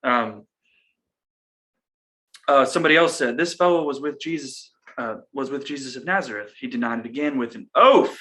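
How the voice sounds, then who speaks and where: Bright-voiced young man reading scripture. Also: mid-range voice, expressive, moderate pace. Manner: joking, reads scripture aloud between banter. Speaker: podcast co-host. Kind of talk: casual Bible study chat.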